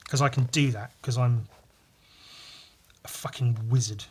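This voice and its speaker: A man's voice: medium pitch, fairly even intonation, measured pace, a little hiss or hum. A man hosting a casual solo podcast while drawing, rambling and swearing, poking fun at himself. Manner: rambling, profane, self-mocking. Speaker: podcast host.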